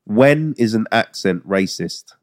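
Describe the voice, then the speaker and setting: A man's voice: on the low side, expressive, takes it slowly. A young man co-hosting a podcast, blunt and jokey, often laughing. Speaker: podcast co-host. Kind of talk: casual chat.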